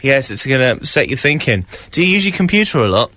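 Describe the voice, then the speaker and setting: A man with an English accent, hosting breakfast radio with playful, animated banter. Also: medium pitch, fast talker, dry recording. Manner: playful, animated, slips into silly voices. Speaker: radio breakfast show host. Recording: studio radio mic.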